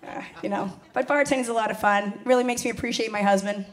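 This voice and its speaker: A woman in her forties performs stand-up with a high, bright-pitched voice. She talks brashly and bluntly, swearing freely. She is quick to tease. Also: fairly even intonation, slight background noise. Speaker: stand-up comedian and bartender. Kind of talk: stand-up comedy set.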